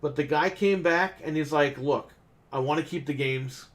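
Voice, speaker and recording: A man's voice: on the high side, moderate pace. A man on a podcast telling a long, exasperated story about customers at his game store, swearing often and acting out what people said. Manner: exasperated, swears a lot, acts out quotes. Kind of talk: casual ranting story.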